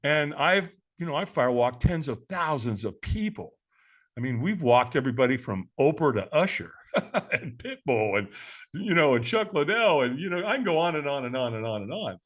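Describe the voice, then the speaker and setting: A man in his seventies from California, a podcast guest telling a story in a lively way, often calling the listener "man.". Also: fairly high pitch, moderate pace. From California, USA. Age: 70s. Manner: lively, acts out quoted voices, says "man" often. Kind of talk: animated storytelling.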